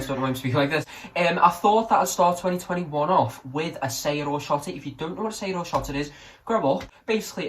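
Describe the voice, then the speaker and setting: A man's voice: on the high side, noisy background. A young man chatting casually in a vlog, rambling and cheeky, often correcting himself mid-story. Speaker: vlogger. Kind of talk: casual chat vlog while drinking.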